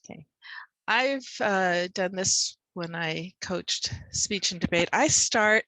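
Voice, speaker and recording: A woman's voice: on the low side, takes it slowly, sharp tone, no room sound, rough recording. A woman tutor explaining how she teaches word stress, talking casually over a video call and acting out stressed words with extra punch. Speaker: reading and spelling tutor.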